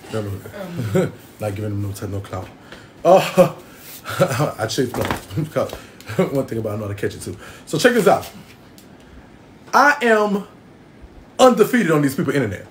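A man's voice: fairly high pitch, a little hiss or hum. A man ranting a brash, boastful comedic roast, swearing constantly and laughing often. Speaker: internet personality doing a roast. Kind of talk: profane comedic roast rant.

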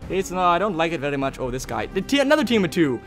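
Excitable young man narrating his gameplay. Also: on the high side, fast, soft background music. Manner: excitable, talks to opponents, bursts into shouts. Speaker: gaming channel host. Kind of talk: casual gameplay commentary.

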